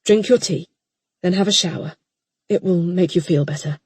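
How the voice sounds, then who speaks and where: A woman voicing a concerned young husband, speaking softly and carefully in an audiobook. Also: lowish voice, moderate pace, breathy edge, no echo.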